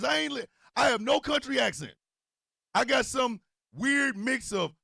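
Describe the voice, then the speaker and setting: A male host with a mixed New Jersey and Missouri accent rants loudly and profanely and often breaks into shouts. His voice sits high, swings widely up and down, and has a bright, gravelly edge. The sound is dry and close. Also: no echo. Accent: mix of New Jersey and Missouri. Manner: loud, profane and animated, with bursts of shouting. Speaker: show host and co-owner. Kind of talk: profane political rant on a livestream.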